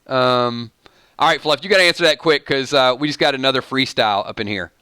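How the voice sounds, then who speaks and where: A man's voice: medium pitch, fairly quick, bright, forceful tone, smooth, dry recording. A man with a Southern US accent hosting a live stream, chatting casually and joking as he reads viewer comments aloud.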